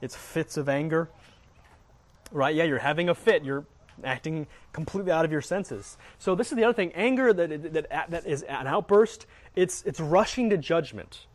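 A man's voice: fairly high pitch, moderate pace. A middle-aged man teaching earnestly on faith, often repeating words as he speaks. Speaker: Christian teacher.

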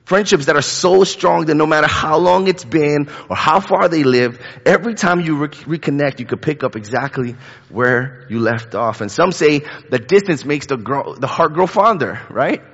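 A man's voice: fairly high pitch, moderate pace, a bit bright, breathy edge. Male preacher, thirties, conversational sermon, chatty and repetitive, church sanctuary, lingering reverb. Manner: chatty, lots of fillers and repeated words. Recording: dull lo-fi with long hall reverb.

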